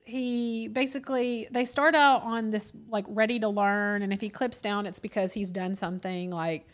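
A woman's voice: medium pitch, fairly even intonation, normal speed. A woman in her thirties co-hosting a casual chat, telling stories and acting out the voices of other people. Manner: storytelling, acts out quoted voices. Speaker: co-host.

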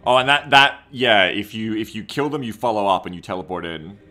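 A man's voice: on the low side, brisk, bright, forceful tone, soft background music. A man streaming a game live, chatting casually and reading viewer comments aloud. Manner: chatty, reads viewer comments aloud, often second-guesses himself mid-sentence.

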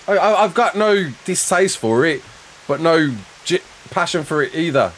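A young man chatting casually with viewers while playing a game live, quick to laugh and often restarting his sentences. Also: fairly high pitch, expressive, a bit bright, a little hiss or hum. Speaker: live streamer.

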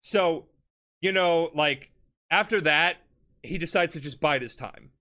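A tipsy man hosting a podcast, telling a story in a casual, profane way and jumping into shouted character voices. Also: a little high, measured pace. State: drunk. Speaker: podcast host.

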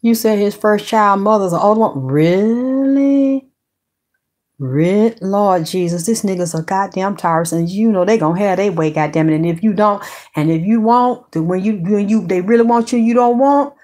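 A woman, chatting casually to her viewers as a celebrity gossip host, animated and full of curses. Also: mid-range voice, moderate pace. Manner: animated, swearing, talks straight to her viewers. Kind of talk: casual chat.

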